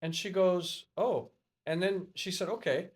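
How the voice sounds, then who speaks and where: A middle-aged man, a podcast guest, telling anecdotes in a lively way and acting out the lines of the people in them. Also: high-pitched, measured pace. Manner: lively, acts out dialogue in a raised voice. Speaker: podcast guest, educator and networker. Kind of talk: animated storytelling in a podcast interview.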